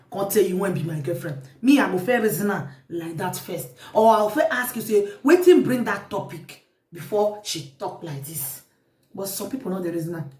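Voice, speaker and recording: A woman with a Nigerian Pidgin accent telling a story in a casual, animated vlog, outspoken and repeating words for emphasis. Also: medium pitch. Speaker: vlogger. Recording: roomy sound from a distant mic.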